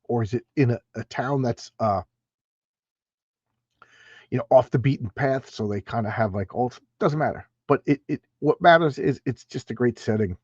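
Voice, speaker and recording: A man's voice: medium pitch, normal speed, a little mellow, slightly rough. A man talks through a comic on a casual home livestream, leaning on words for emphasis and restarting sentences as he goes. His voice sits in the middle range. The sound is a little dull and very dry, with no room echo. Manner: chatty, emphatic, frequent restarts. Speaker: comic book channel host.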